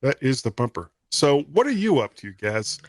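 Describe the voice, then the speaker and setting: Man, podcast host, relaxed, rambling, mid pitch, dry sound. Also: normal speed, no room sound. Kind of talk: casual podcast chat.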